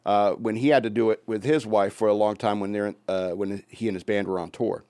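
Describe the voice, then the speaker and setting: A young man reading a story aloud during a relaxed co-hosted chat. He chuckles as he goes through the quotes. The sound is close and dry, with no room echo. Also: fairly low pitch, brisk. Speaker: podcast co-host.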